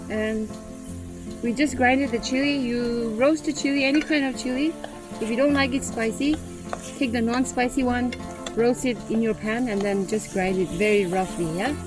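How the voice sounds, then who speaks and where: A woman hosting a cooking vlog outdoors on a windy farm, talking through each step in a relaxed, casual way and checking in with "yeah?", recorded on a camera mic. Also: on the high side. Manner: relaxed, tags lines with "yeah?". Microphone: camera mic, no external microphone.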